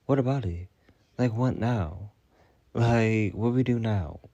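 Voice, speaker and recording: A man's voice: on the low side, takes it slowly, dark tone, lo-fi sound. A man ranting through a storytime vlog, profane and exasperated, firing off rhetorical questions. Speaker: storytime vlogger. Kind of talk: casual storytime rant.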